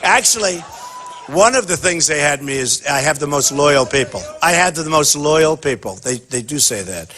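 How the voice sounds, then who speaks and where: A man's voice: on the high side, lively intonation, normal speed, sharp tone. A man giving an off-the-cuff campaign speech at a town hall, boastful and rambling, often repeating himself. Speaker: political candidate at a town hall.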